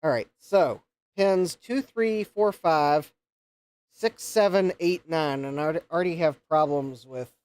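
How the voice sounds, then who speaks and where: A man's voice: fairly high pitch, measured pace, darkish tone, smooth, no echo. A man hosting a live repair stream, thinking aloud and counting pins as he checks a circuit board. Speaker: host of a retro computer repair livestream.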